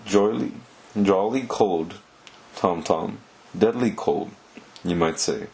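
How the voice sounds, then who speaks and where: A menacing highwayman purrs his threats in a soft, sing-song lilt, as a low-voiced man reads him aloud. The voice sits deep and slow. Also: creaky, slight background noise, full character voice.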